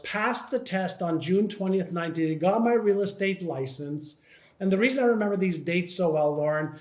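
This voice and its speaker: A man's voice: high-pitched, reverberant. A man from Canada telling a personal story in an interview, acting out both sides of a remembered conversation. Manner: animated retelling, acting out both sides of the dialogue. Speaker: interview guest.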